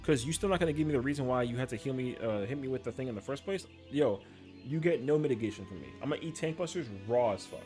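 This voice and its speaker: A male game streamer in loose casual chat, worked up and swearing freely, every other phrase opening with "yo". Soft music plays faintly under his voice. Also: medium pitch, lively intonation, fast. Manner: slangy, profane and heated, peppered with "yo". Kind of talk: casual chat while gaming.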